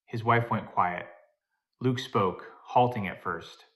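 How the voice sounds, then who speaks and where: A man reading a scripted drama story in an even, steady narration. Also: on the low side, slow pace.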